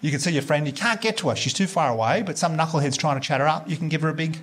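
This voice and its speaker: A man's voice: on the high side, very fast, fairly bright tone. An Australian man doing a live stand-up set, chatty and laughing as he teases the crowd. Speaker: stand-up comedian.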